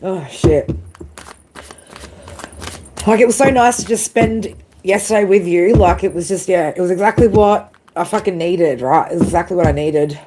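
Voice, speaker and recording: A woman's voice: fairly low pitch, moderate pace, noisy background. A woman doing a live tarot stream, tearful and emotional, swearing freely and tagging lines with "right?" and "man". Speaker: tarot reader.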